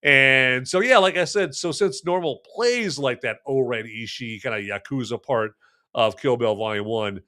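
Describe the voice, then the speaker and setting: A man's voice: medium pitch, moderate pace, sharp tone. Rambling jokey man reviewing a movie. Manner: rambling, jokey, talks to live chat. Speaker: podcast host. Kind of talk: live movie review podcast.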